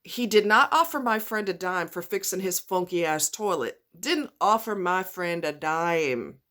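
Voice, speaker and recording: A woman's voice: fairly low pitch, expressive, a little slow, a bit bright. A woman ranting angrily into her camera, blunt and profane, repeating herself for emphasis. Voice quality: blunt, swearing, repetitive. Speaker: vlogger. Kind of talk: profane angry rant.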